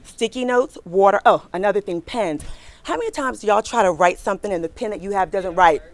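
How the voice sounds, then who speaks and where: A chatty, animated woman in her forties delivers a career talk to a live audience, addressing the crowd directly and acting out her own reactions in a story. Her voice is medium-pitched and brisk, with no room sound.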